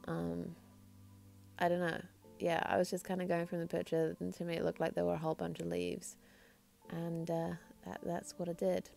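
Her voice sits on the low side, gravelly and slightly mellow. Narrating a casual tutorial on her nail art, she rambles, hesitates and pokes fun at herself, with an accent that wanders between New Zealand and English.

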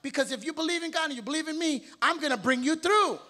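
Brief: energetic male preacher with a very high voice, firing questions at his church. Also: fast talker. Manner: energetic, exhorting, calls out questions to the congregation. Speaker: pastor. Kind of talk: sermon. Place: church sanctuary.

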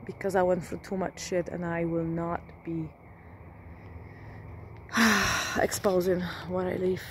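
A woman's voice: on the low side, little pitch movement, takes it slowly, a bit bright, a little hiss or hum. A woman vlogging from her rural home at night, half-whispering, swearing often and speaking from the heart. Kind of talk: casual whispered vlog.

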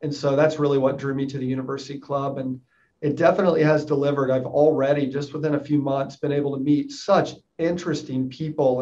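A man's voice: mid-range voice, fairly even intonation, brisk, warm tone, muffled recording. A man in his thirties from East Tennessee, with only a light trace of a Southern accent, chatting upbeat with many fillers as an interviewee. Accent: light Southern US, mostly neutral. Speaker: interviewed club member, insurance salesman. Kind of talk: casual interview answers.

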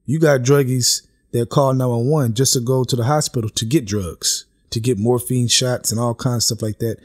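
Husky man giving a spoken testimony. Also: mid-range voice, steady tone, moderate pace. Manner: earnest, repeats "okay?" and "man" for emphasis. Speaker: religious vlogger giving a testimony.

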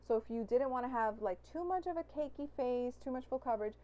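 A woman's voice: high voice, fast talker, dark tone, lo-fi sound. A young woman beauty vlogger talking through a makeup tutorial, chatty and gushing about products, full of "like". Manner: gushing, enthusiastic product talk; chatty with fillers like "like".

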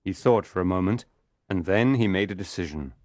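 A man narrating an audiobook in a calm, measured storytelling voice. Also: sits low, dry recording, studio quality.

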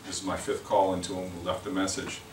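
Low-voiced and completely flat in delivery, this sales rep speaks at a quick pace during a lunch meeting product training. He rambles with lots of repetition and restarts. The sound is distant and echoey, with faint noise.

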